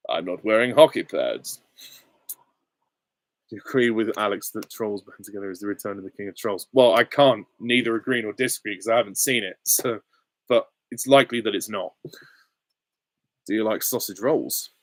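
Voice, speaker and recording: A man's voice: on the low side, fairly even intonation, fairly quick, no room sound, clean studio sound. Easygoing, chuckling young man on a live Q&A. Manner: easygoing and chuckling, with short, offhand answers. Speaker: channel host. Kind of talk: casual live Q&A, reading out chat questions.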